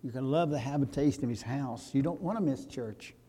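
A pastor, preaching a sermon that rises to loud, fervent exhortation. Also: male voice, medium pitch, brisk, breathy edge.

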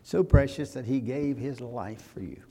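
A pastor, preaching a sermon that rises to loud, fervent exhortation. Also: male voice, medium pitch, moderate pace.

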